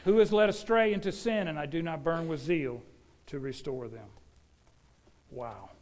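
An older man preaching a sermon in a folksy, animated way, talking straight to the congregation. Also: fairly high pitch, normal speed. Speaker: pastor.

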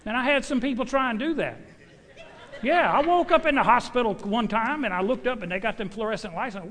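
A middle-aged man preaching a sermon with personal testimony, folksy and emphatic, swinging from loud exhortation to quiet asides. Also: extremely high pitch, animated, fairly quick. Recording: long hall reverb.

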